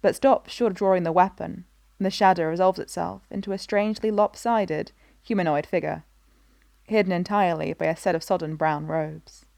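A woman reading a story aloud in an even, measured narration. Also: lowish voice, creaky, no room sound, studio quality. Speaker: reader. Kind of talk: scripted narration of a fan story.

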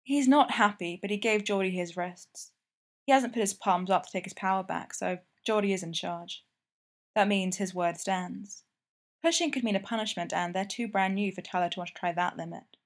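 A woman reading a story aloud in an even, intimate narrating manner. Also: medium pitch, moderate pace. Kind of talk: scripted narration.

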